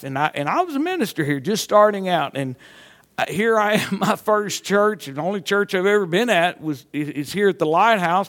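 A man's voice: high voice, fairly bright tone. A middle-aged man, a pastor preaching a sermon with folksy stories that build to fervent exhortation. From Mississippi.

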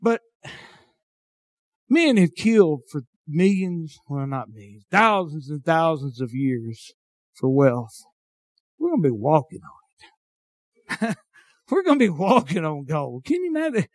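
A man with a Southern hillbilly drawl preaching a sermon, swinging between shouted passages and quiet, folksy talk. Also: on the high side, big pitch swings, slow, pauses often, no echo, clean studio sound.

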